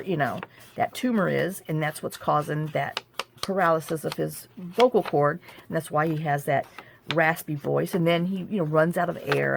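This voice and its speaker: This is a journaling crafter talking loosely at her craft table, letting off steam and restarting often. Her voice sits low and has a creaky texture, with slight noise behind her.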